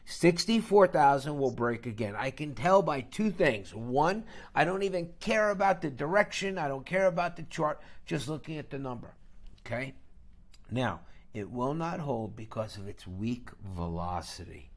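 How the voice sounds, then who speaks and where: A man's voice: medium pitch, lively intonation, normal speed. A man hosting a live trading stream, lecturing bluntly and emphatically and tagging his points with a questioning "okay?". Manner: blunt and scornful.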